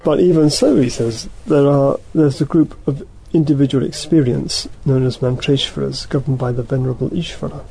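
A man leads a study group, reading passages aloud and then explaining them haltingly and thoughtfully, often correcting himself mid-sentence. His mid-range voice is steady and mellow with vocal fry, on a low-quality recording.

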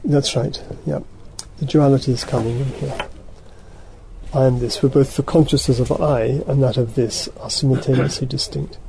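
A man teaching a study group, reading passages aloud and then explaining them in a halting, thoughtful way, often correcting himself mid-sentence. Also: medium pitch, steady tone, creaky, dark tone, a little hiss or hum, low-quality recording.

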